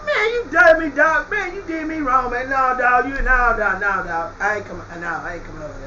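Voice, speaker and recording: A rich man in torment, begging and whining, his high voice pulled long and thin, as a preacher puts him on. His tone is bright and edged. A faint hiss sits under it. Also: animated, brisk, echoey room, recorded from a distance, dull audio, heavily acted. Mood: pleading.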